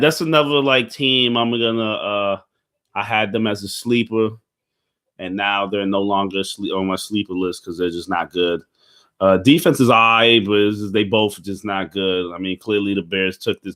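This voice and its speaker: A young man talks through a football week in a loose, rambling way, thick with slang, swearing and fillers. His voice sits fairly low, and he burps now and then. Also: fairly bright tone. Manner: burping. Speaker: football commentator. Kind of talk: casual sports recap.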